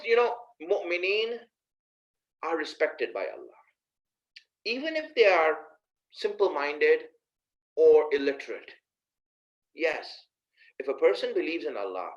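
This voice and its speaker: A man's voice: high voice, dull audio. A man preaching a sermon in a conversational way, asking his listeners rhetorical questions and speaking to them directly. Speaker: Islamic preacher.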